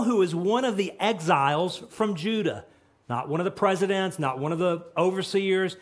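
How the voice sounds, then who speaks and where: A man's voice: sits high, animated, normal speed. A man preaching a sermon who retells scripture dramatically and acts out its dialogue. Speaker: pastor.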